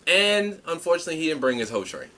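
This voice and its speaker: A man's voice: on the high side, big pitch swings, rapid-fire, sharp tone. A man co-hosting a podcast, chatting bluntly and casually about a wrestling show. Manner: laid-back, blunt, swears casually. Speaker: podcast co-host. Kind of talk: casual wrestling recap chat.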